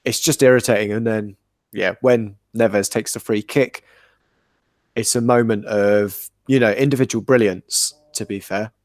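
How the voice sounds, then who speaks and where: A man's voice: fairly low pitch, fairly even intonation, unhurried, darkish tone, no room sound, clean studio sound. A man on a casual podcast, talking things through in an analytical, explanatory way. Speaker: podcast co-host.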